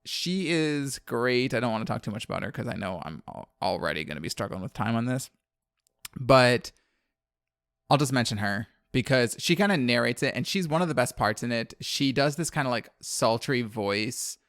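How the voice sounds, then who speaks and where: A man's voice: medium pitch, expressive, fairly quick, vocal fry, fairly bright tone, no echo, studio quality. A man from New Orleans co-hosting a podcast, recapping a horror film in casual, profane chat and laughing often. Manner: chatty, profane, laughs often, many fillers.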